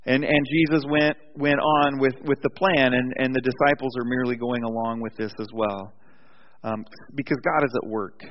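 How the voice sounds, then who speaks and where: A male pastor preaching a sermon with animated storytelling, often restarting his sentences, in a church sanctuary. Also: mid-range voice, normal speed. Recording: dull recording with long hall reverb.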